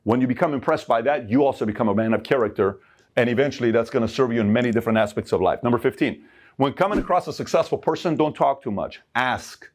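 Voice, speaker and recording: A middle-aged man from Iran giving a motivational talk of life advice, emphatic and animated, acting out the people he quotes. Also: mid-range voice, fast.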